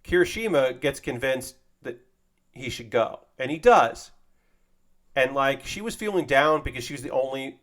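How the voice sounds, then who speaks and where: A man streaming while he builds a model kit, casually chatting and retelling an anime episode in a rambling, animated way. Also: medium pitch.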